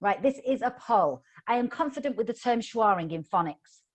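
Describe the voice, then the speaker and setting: A woman's voice: a little high, expressive, moderate pace. A middle-aged woman training teachers in phonics over a video call, upbeat, coaxing and playful. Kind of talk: live online teacher training.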